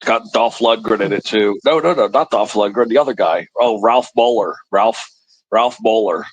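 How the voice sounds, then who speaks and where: A man chatting casually on a livestream, telling rambling animated stories. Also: fairly low pitch, moderate pace, no room sound, poor audio. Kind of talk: casual chat, storytelling.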